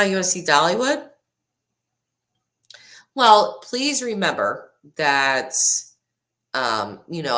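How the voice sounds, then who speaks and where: A woman with a low voice that swings widely in pitch, hosting a casual live chat with her viewers. She rambles, starts sentences over, laughs often and reads comments out as she goes. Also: fairly bright tone. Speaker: livestream host.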